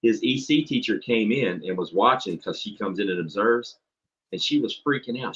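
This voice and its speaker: A man's voice: medium pitch, animated, fairly quick, a bit bright, slightly rough. A man, a substitute teacher telling a story in blunt, profane casual chat. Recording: dull lo-fi stream audio.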